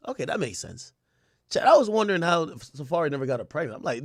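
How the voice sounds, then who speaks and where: A man hosting a late-night stream, reading posts aloud and reacting with profane, animated commentary. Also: fairly high pitch, fast, dry recording, clean studio sound. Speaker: livestream host.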